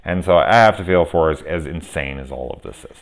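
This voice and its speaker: A man's voice: extremely low pitch, fast. A man casually reviewing a horror film on camera, rambling, swearing freely and gushing with enthusiasm. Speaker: movie reviewer. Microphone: camera setup at home.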